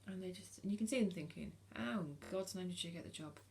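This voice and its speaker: A British woman in her forties speaks frankly to camera in a low, gravelly voice. She hesitates often, filling gaps with ums and restarting her sentences as she talks. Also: fast, darkish tone, a little hiss or hum. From United Kingdom. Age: 40s. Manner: frank and earnest. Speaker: vlogger. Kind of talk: casual talk to camera.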